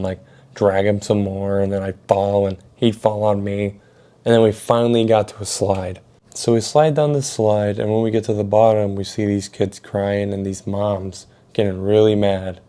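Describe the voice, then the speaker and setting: A man's voice: lowish voice, warm tone. A young man telling a story in a rambling way, swearing a lot and full of filler words. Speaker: storytelling vlogger. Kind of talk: casual storytelling.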